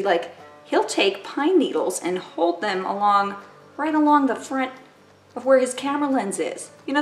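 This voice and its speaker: A woman's voice: mid-range voice, a bit bright, roomy sound. A woman vlogging at home in casual chat to camera, chatty and self-mocking, full of "like" and "totally".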